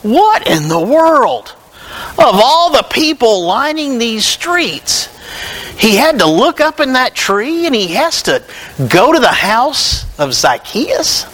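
A man voicing a grumbling crowd, indignant, high lively voice, slow. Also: heavily acted, rough recording. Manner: indignant, complaining.

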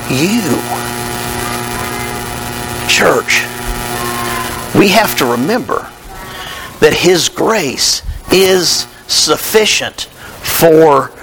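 Guy preaching a sermon, high bright voice, takes his time, little hiss behind. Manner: animated storytelling preacher, acting out Bible dialogue. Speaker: pastor.

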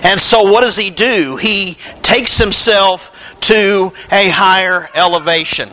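A man preaching a sermon, animated and conversational, joking with his congregation. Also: high voice, slow pace, poor audio. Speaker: pastor.

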